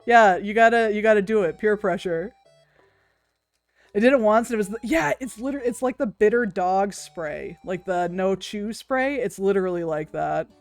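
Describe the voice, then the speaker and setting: A woman's voice: mid-range voice, moderate pace, no echo, faint music behind. A woman, chatting casually with her stream viewers, laughing often, swearing freely and cooing over cute things.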